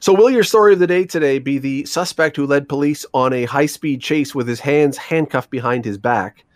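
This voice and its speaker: A man's voice: mid-range voice, moderate pace, no echo, clean studio sound. A man from Canada co-hosting a radio show, telling news stories in a chatty, rambling way with asides and restarts. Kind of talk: casual radio chat.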